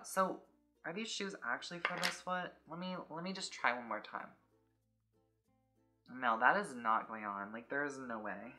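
Woman, young adult, low pitch, casual vlog host, chatty filler-heavy talk. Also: sharp tone. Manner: chatty, peppers speech with "like". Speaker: YouTube host.

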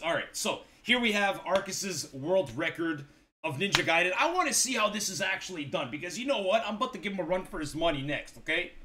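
A young man streaming a game live, reacting loudly, swearing, laughing and greeting chat. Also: a little high.

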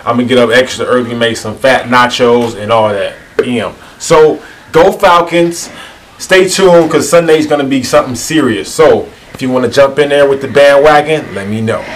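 A man's voice: medium pitch, normal speed, a little hiss or hum. Laid-back man trash-talking. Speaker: vlogger. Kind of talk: casual chat.

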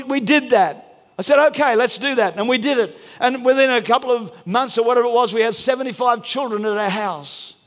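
Guy preaching loud then hushed, high voice, big reverby church hall. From Australia. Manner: fervent preaching, rising to shouts and dropping to a hush. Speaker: pastor. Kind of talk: sermon.

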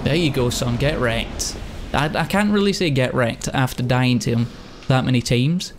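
A man giving casual gameplay commentary as a let's play host, excitable and swearing a lot. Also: mid-range voice, moderate pace, noisy background.

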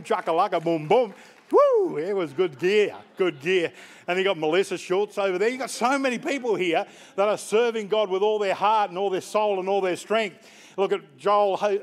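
A pastor preaching a lively sermon in church, calling out members of the congregation by name. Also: male voice, sits high. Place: church sanctuary.

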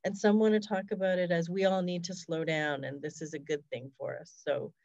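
A woman's voice: on the low side, fairly even intonation, fairly quick, darkish tone, no room sound. Woman guest on a dull, dry call. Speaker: hospice fundraiser, guest. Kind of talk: casual interview talk.

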